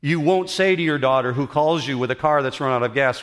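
A middle-aged man, a pastor, preaching a sermon in an auditorium, earnest and emphatic with dramatic pauses. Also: mid-range voice, clean tone.

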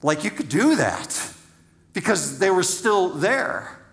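A middle-aged man preaching a sermon in a relaxed, conversational way, teasing the congregation and repeating words for emphasis. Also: sits high, vocal fry. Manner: repeats words for emphasis, slows down on key phrases. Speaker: pastor.

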